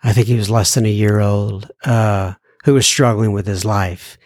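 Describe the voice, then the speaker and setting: A man with a slight Southern American accent hosting a podcast, reading listener letters in a lively, joking way. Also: on the low side, normal speed, no room sound, clean studio sound. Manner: lively, jokey, animated when reading, turns somber. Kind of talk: casual podcast chat.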